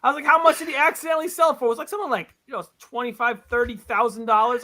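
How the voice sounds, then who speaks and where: A man with a high, bright voice talks casually as an interview guest. He tells his stories with animated energy and breaks into laughing exclamations. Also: fast talker. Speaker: comic book writer, guest.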